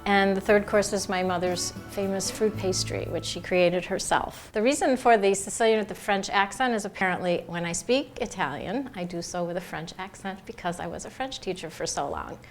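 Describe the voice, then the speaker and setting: A middle-aged cookbook author and home cook from Buffalo, New York, chats while cooking and recalls family meals in a demonstration-and-interview format. Her medium-pitched voice moves at a moderate pace with few pauses, warm and reminiscent, and she laughs often. Music plays behind her.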